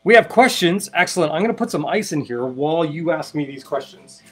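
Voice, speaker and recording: A man's voice: a little high, lively intonation, fairly quick, soft background music. A man hosting a casual live stream, chatting and explaining while he mixes cocktails, with wry asides. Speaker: host mixing cocktails.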